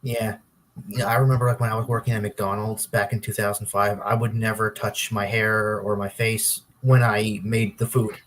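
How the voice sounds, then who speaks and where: A man's voice: on the low side, level tone, moderate pace, a bit bright, slight background noise. A man joining a livestream as a guest, talking in a laid-back, casual way. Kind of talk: casual chat.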